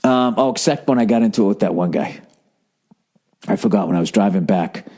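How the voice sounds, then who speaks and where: A man's voice: fairly low pitch, fairly quick, warm tone. A man in his forties from the United States, a podcast host and comedian, rambling in a profane, self-mocking monologue. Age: 40s.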